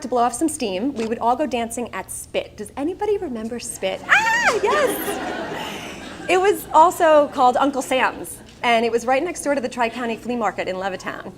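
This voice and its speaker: A woman's voice: fairly high pitch, slight background noise. Candid Long Island woman telling her story. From Long Island, New York. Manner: candid and self-mocking, with wry asides. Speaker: guest speaker at a charity breakfast. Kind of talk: personal storytelling speech. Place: event room, speaking to an audience.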